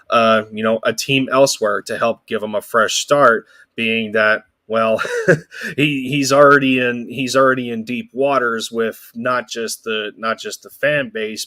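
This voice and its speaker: A man's voice: mid-range voice, bright, forceful tone, no echo. A man co-hosting a casual sports podcast, rambling and restarting his phrases as he talks. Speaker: podcast co-host.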